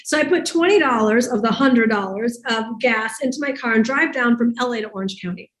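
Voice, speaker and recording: Woman, host and life coach, storytelling talk, emphatic, conversational, higher voice, echoing room. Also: brisk. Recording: roomy echo.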